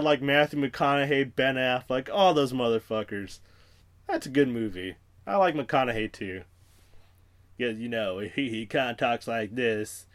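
A man's voice: mid-range voice, a bit bright. Profane rambling solo podcast host man. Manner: profane, rambling, self-mocking tangents.

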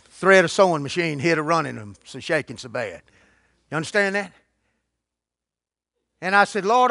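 Older preacher guy, real high voice, folksy storytelling sermon. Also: bright, forceful tone, dry recording, studio quality. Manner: folksy storytelling with colloquial grammar. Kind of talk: sermon testimony.

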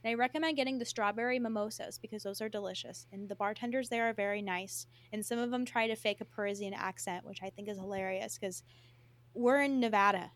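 A woman co-hosting a podcast, talking in a casual, animated way with lots of filler words. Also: mid-range voice, fast. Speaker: podcast co-host. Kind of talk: casual chat.

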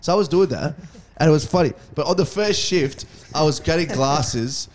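A man's voice: on the high side, moderate pace. A young man, telling crude, swear-filled stories in a casual podcast chat. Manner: crude, swearing, animated storyteller. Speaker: podcast co-host.

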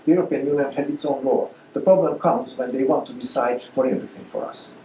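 A man answering audience questions at a lecture, halting with many fillers and restarts. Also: medium pitch, warm tone, slight background noise. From Hungary. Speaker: guest speaker. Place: lecture hall. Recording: echoey lecture room.

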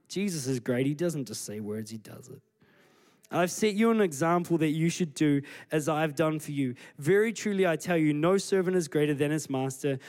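A man delivers a church sermon. He reads scripture and then retells it, voicing the characters' lines in a fairly high, expressive voice. The tone is of a preacher speaking to a congregation. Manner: animated storytelling, acting out scripture scenes. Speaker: pastor.

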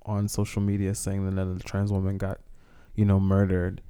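Hesitant man with a smooth low voice. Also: monotone, fairly quick, dark tone. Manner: thoughtful, hesitant, many restarts and fillers. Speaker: guest. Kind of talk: casual discussion.

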